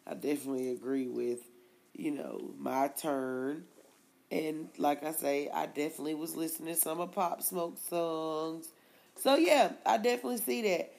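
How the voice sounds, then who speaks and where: Gravelly-voiced woman rambling about music. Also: deep voice, a little mellow. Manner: rambling, laughs often, quick asides. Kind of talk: casual chat about music.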